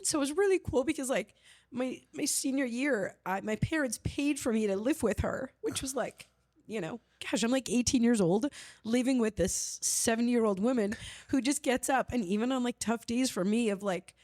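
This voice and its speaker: A woman's voice: on the high side, moderate pace, darkish tone. A woman in her forties from the American Midwest, a podcast host telling a story in a chatty, emotional way. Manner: chatty, emotional, acts out quotes. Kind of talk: casual conversational storytelling.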